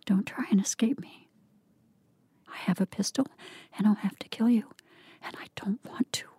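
A woman's voice: a little high, normal speed, dark tone, husky, dry recording, pitched above the performer's own voice. A woman reading a story, voicing a frail, desperate young woman who speaks in a timid, whispery plea. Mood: threatening whisper.

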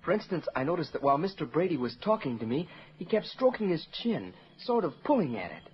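A man's voice: fairly high pitch, sing-song, fast. An actor playing a polite, earnest teenage boy in a 1940s radio drama. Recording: dull old radio broadcast.

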